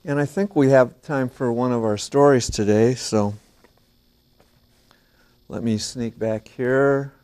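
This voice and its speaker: Mellow-voiced man hosting a kids' show. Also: mid-range voice, steady tone, slow pace, pauses often, clean tone. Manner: playful, gentle, talks to a puppet duck. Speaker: children's TV host. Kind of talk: singing and chatting to young children. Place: small TV studio.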